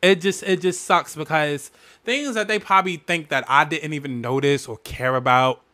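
A man hosting a solo podcast, telling family memories in a candid, emotional way with lots of profanity and animated bursts. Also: a little high, normal speed. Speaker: podcast host.

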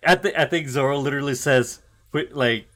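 A man's voice: mid-range voice, a little fast, fairly bright tone. Casual swearing guy recapping anime. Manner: loose, swearing, many fillers and restarts; acts out characters' lines mid-retelling. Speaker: podcast co-host recapping anime. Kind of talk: casual chat.

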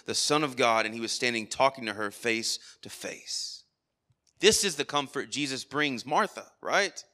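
A man's voice: a little high, bright, forceful tone. A man preaching a sermon at a church worship service, earnest, with frequent rhetorical asides. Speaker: pastor.

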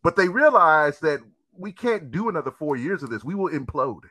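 A bright, sharp-voiced man rants through a casual podcast chat, swearing and hammering his points. His pitch leaps around freely, and the sound is close and dry with no room around it. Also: moderate pace, dry recording. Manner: animated, profane, emphatic ranting.

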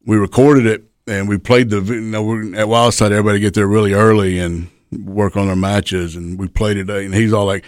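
A man's voice: lowish voice, fairly even intonation, a little fast, few pauses, no room sound, clean studio sound. A middle-aged man, a former wrestler, telling rambling, profane backstage stories in casual chat. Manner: laid-back, profane, rambling anecdotes. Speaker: guest, retired pro wrestler. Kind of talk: casual storytelling.

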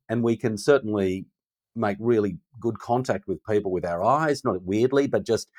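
A middle-aged leadership consultant tells stories conversationally in a fairly low, darkish voice, acting out quoted dialogue with animation. There's no room sound.

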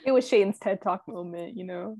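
A woman's voice: mid-range voice, mellow, no echo, studio quality. A young woman co-hosting a casual movie review, adding short wry comments. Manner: wry, quick side comments. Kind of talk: casual chat.

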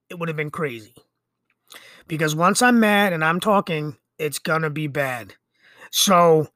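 A man's voice: a little high, bright, forceful tone, no echo, clean studio sound. A middle-aged man hosting a podcast, talking in a rambling, conversational monologue full of fillers and restarts. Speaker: podcast host. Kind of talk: casual monologue.

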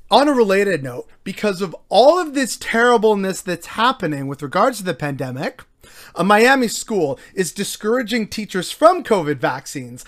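News ranter, sarcastic, furious, swears constantly, mid-pitched voice. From Canada. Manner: angry, sarcastic, heavily profane. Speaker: news commentator. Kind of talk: ranting news commentary.

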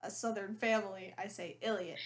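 A woman's voice: fairly high pitch, measured pace. A woman with a Maryland accent hosting a casual podcast chat, teasing and giggly as she quizzes her friend. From Maryland, USA. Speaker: podcast co-host running the spelling bee.

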